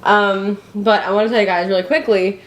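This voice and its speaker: A woman's voice: medium pitch, level tone, fairly quick, lo-fi sound. A young woman from Indiana telling a story to the camera at home, chatty, with many fillers and restarts. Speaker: family vlogger. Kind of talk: casual chat to camera. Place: her home, indoors. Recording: echoey room, faint noise.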